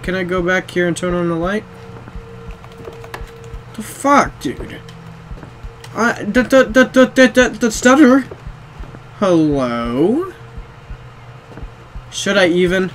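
A man's voice: high voice, animated, slow pace, pauses often, a bit bright, faint music behind. A young man playing a horror game, jumpy, swearing often and talking to himself. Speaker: gamer.

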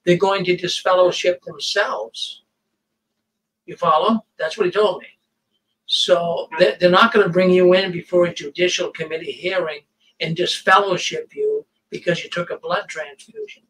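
High-voiced man hosting a call-in show. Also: fairly even intonation, moderate pace, fairly bright tone, far from the mic, slight background noise, low-quality recording. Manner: chatty, reassuring.

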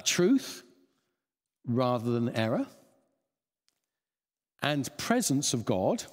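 Lively preacher in a reverberant church. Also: male voice, medium pitch. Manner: lively, chuckling, thinking aloud with restarts. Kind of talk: sermon. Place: church hall.

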